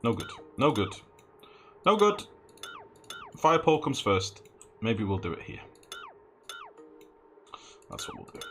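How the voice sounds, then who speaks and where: A man giving casual live commentary while playing a game, thinking aloud, swearing freely and chatting with his viewers. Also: fairly low pitch. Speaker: gaming streamer. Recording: game music under the voice.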